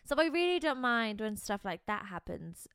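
A young woman co-hosting a casual podcast, telling stories in an animated, giggly way with lots of fillers. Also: fairly high pitch, normal speed, clean tone, no room sound, studio quality. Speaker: podcast co-host. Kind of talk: casual chat.

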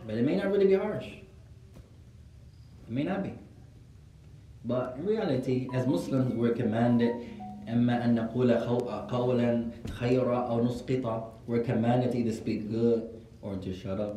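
This man has a medium-pitched, dark voice. He teaches Arabic and Islamic studies in an informal setting, switching between Arabic and English as he tells stories. The echoey classroom recording sounds distant.

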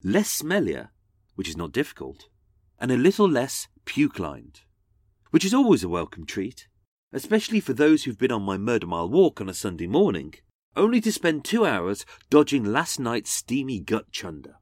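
A man's voice: medium pitch, huge pitch swings, normal speed, darkish tone, dry recording, studio quality. A man narrating a scripted talk with sarcastic, theatrical asides. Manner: mocking, theatrical. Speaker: podcast host.

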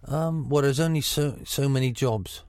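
A man's voice: medium pitch, moderate pace, darkish tone, no room sound. Frank Gloucestershire man, dry close sound. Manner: frank, chatty, many restarts. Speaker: football manager. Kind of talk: radio interview.

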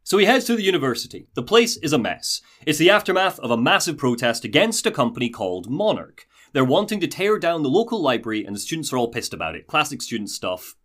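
A male podcast host telling a game's story, jokey and animated. His pitch leaps around freely as he narrates, and the tone stays casual and conversational. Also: fast talker, few pauses. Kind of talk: casual chat, recapping a game story.

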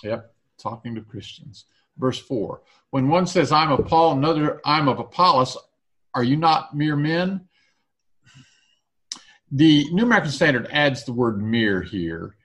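A man's voice: medium pitch, lively intonation, measured pace, long pauses, fairly bright tone. A man leading a casual Bible study discussion, reading verses aloud and thinking through their meaning.

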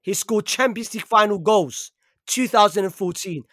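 A man's voice: sits high, normal speed, fairly bright tone, no echo, studio quality. A man in a heated casual podcast debate, insistent and argumentative, repeating his points. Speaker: podcast panelist, Real Madrid fan.

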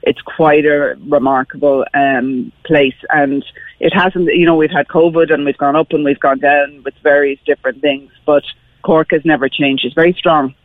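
On a phone line with a tinny quality, an Irish-accented woman from Dublin rings in to a radio chat. She talks at a normal speed in a low voice with fairly even intonation, earnest and enthusiastic and full of fillers, and there's no echo.

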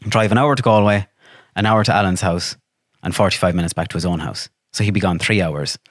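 Animated Irish man, low voice. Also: a little fast, no echo, studio quality. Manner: animated, swears freely, acts out quotes. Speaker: podcast guest. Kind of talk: casual chat, storytelling.

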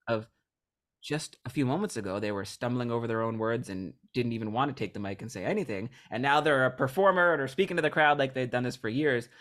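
A man, a hypnotist guest on a podcast, telling stories in a lively way and acting out the voices of the people in them. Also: mid-range voice. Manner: animated storyteller, acts out voices of people he describes. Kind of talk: casual podcast interview.

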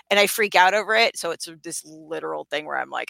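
A woman's voice: deep voice, fast, creaky, no room sound. A woman co-hosting a podcast in casual chat, swearing freely and acting out quotes as she tells stories. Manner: profane, animated storytelling with acted-out quotes. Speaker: podcast co-host.

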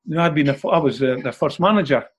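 A man's voice: on the high side, lively intonation, very fast, breathy edge. An older man with a Scottish accent, an interview guest telling anecdotes in a chatty way and ending phrases with a questioning "eh?". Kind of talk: anecdotal storytelling.

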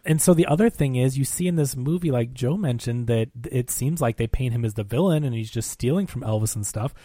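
A podcast host chatting casually about films, giving animated, emphatic opinions. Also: male voice, mid-range voice, a little fast, no room sound, studio quality. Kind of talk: casual film discussion.

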